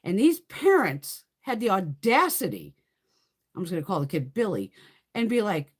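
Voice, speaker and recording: Brief: woman beauty streamer, bouncy pitch, blunt and crude, animated storyteller. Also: normal speed, slightly rough. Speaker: beauty livestream host. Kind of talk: casual live chat while doing makeup.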